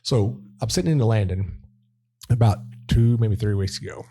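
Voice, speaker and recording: A man chats and tells stories in a loose, rambling way. His voice sits low and mellow with a husky edge. He stumbles over words and laughs often. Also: normal speed. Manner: chatty, repeats words, laughs easily. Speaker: podcast guest, winery worker. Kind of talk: casual storytelling chat.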